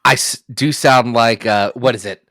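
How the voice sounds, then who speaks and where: A man's voice: medium pitch, moderate pace, no room sound, clean studio sound. A man co-hosting a podcast in casual chat, joking around and riffing on bits. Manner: jokey, animated, riffs on bits and voices. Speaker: podcast co-host.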